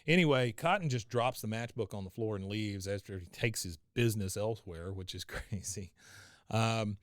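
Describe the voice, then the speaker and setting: A man's voice: lowish voice, normal speed, no room sound, studio quality. Man casually recapping a cartoon episode. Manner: storytelling, laughs often. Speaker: podcast host.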